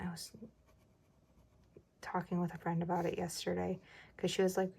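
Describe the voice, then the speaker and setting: A young woman chatting casually while budgeting for her vlog, often dropping into a soft whisper. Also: lowish voice, fairly even intonation, moderate pace, gravelly, pauses often, husky, low-quality recording. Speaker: budgeting vlogger. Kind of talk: casual cash-stuffing vlog narration.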